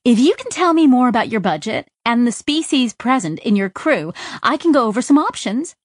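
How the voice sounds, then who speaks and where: A woman's voice: a little high, big pitch swings, fairly quick, no echo, studio quality, voice pushed up. A woman doing a chirpy alien shopkeeper. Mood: salesy. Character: eager, polite female alien merchant.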